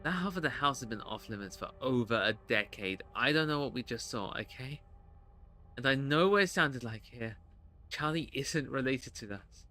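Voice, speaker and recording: A streamer voicing an anxious, guarded young woman in a haunted house, speaking low and hushed. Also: animated, moderate pace, faint music behind. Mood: tense. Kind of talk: voicing game dialogue.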